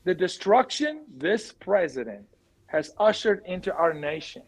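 A man speaking as an interview guest, forceful and emphatic, repeating his key words. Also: high-pitched, big pitch swings, measured pace, breathy edge, poor audio. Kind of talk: impassioned interview talk.

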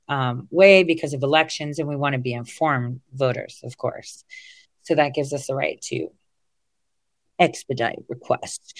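A woman's voice: sits low, no echo. A woman talking casually to her online audience, blunt and profane, digressing and laughing as she goes. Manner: blunt, swears freely, digresses and laughs mid-rant. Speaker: online political commentator.

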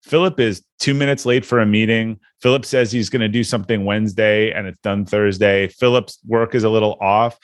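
Host guy with a lowish voice, dry close sound, chatting thoughtfully through examples. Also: steady tone, brisk, hardly any pauses, no room sound. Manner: reflective, explains with examples. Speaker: podcast host. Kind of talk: casual chat.

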